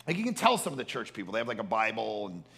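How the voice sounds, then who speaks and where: A man's voice: on the low side, wildly swooping pitch, racing, gravelly, bright, forceful tone. A man preaching a sermon at a family camp, telling stories animatedly and acting out the people he quotes. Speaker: pastor.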